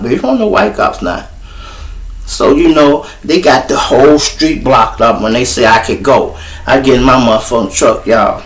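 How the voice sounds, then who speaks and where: Profane storyteller, mid-pitched man. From Chicago. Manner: profane, boastful, talks straight to the audience. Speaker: show host. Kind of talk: casual storytelling.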